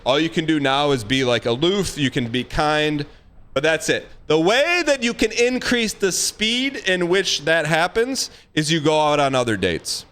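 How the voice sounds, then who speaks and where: A man's voice: fairly high pitch, animated, unhurried, fairly bright tone, clean tone. A man streaming live and giving blunt, emphatic dating advice in casual chat, repeating himself for emphasis. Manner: emphatic, repetitive, blunt, acts out quoted lines.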